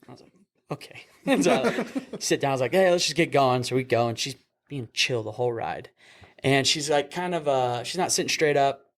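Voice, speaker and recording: A man's voice: mid-range voice, brisk. A young man, a paramedic, casually telling a work story over beers, laughing and acting out the voices of the people in it. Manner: animated, acts out voices in his stories, laughs often. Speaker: paramedic podcast host.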